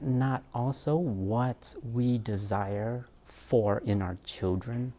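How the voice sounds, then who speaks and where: A man's voice: mid-range voice, takes it slowly, hardly any pauses, a little mellow. A man, a therapist, giving an informal talk on parenting, reflective and self-mocking, with frequent fillers and laughs.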